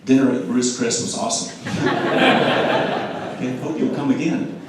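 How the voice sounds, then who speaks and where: A man giving an animated sales talk to an audience, throwing questions at the room and acting out quotes. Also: mid-range voice, normal speed, heavy background noise. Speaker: speaker at a club meeting. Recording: echoey room, mic from a distance.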